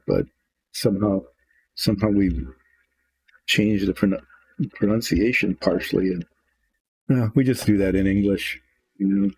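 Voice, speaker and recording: Gravelly low-voiced older man musing. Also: animated, normal speed, long pauses, darkish tone. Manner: musing, rambling, thinks aloud with restarts. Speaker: miniature painter. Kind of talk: relaxed narration while painting.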